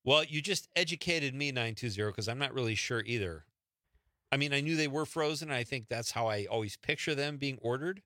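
A man's voice: mid-range voice, expressive, fairly quick, sharp tone, no echo, clean studio sound. A man hosting a late-night call-in radio show, easygoing and chuckling as he reads listener texts. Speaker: radio host. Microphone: studio microphone.

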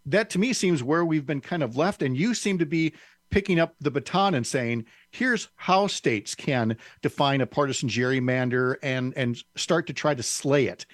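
A man hosting an interview, reading a scripted introduction and then asking questions in a measured, slightly halting way. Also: fairly high pitch, no echo, clean studio sound. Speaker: radio show host.

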